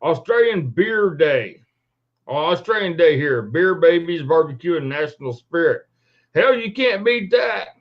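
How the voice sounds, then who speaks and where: A folksy man hosting a livestream from his home computer, drawling slowly in a slightly high voice. He greets his viewers one by one by name, and the audio has the dull, muffled sound of a cheap computer mic. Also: big pitch swings. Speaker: livestream host. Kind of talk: casual live-stream chat.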